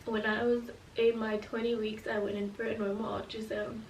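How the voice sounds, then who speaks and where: A woman's voice: on the high side, little pitch movement, normal speed, a little mellow, reverberant, distant mic, a little hiss or hum, rough recording. A woman in her twenties telling her pregnancy story in a casual storytime vlog, earnest and reflective as she speaks openly about hard times. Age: 20s.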